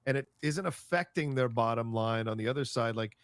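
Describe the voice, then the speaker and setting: A man's voice: mid-range voice, fairly quick, clean tone, no room sound. A man co-hosting a casual chat show, speaking in an easygoing, agreeable, chatty way. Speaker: co-host.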